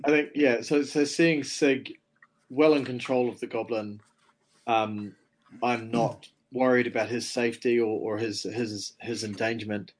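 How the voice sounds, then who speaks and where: A man playing a tabletop game, calmly describing his character's actions. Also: mid-range voice, a little slow. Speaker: player. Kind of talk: tabletop role-play chat.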